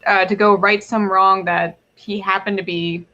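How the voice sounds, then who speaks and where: A woman speaking on a casual panel, thoughtful with soft ums. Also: mid-range voice, flat delivery, moderate pace. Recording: dull muffled recording.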